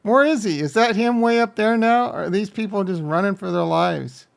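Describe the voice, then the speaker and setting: Gravelly man riffing crudely over clips. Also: high voice, normal speed. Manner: blunt, joking, talks over clips. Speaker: streamer reacting to videos.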